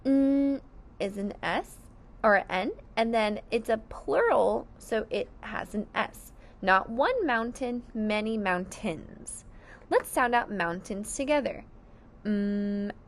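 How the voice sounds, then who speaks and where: A woman's voice: medium pitch, lively intonation, slow. A woman teaching a phonics lesson to young children, sounding out each word syllable by syllable with careful enunciation.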